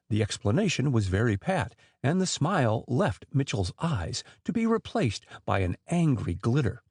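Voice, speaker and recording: A man narrating a mystery novel as an audiobook reader, in a measured storytelling way. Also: mid-range voice, very animated, a little mellow, breathy edge, no room sound, clean studio sound.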